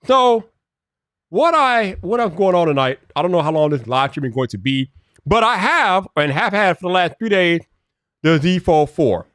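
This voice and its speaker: A man hosting a casual live stream, greeting viewers one by one by name, laughing often and muttering to himself as he fiddles with his software. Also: sits high, sing-song, normal speed, no echo, studio quality.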